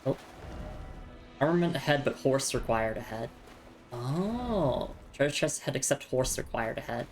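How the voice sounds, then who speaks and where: Woman streamer, very deep voice, relaxed chatty commentary over soft game music. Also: normal speed. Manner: chatty, reads item text aloud. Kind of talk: casual gameplay commentary.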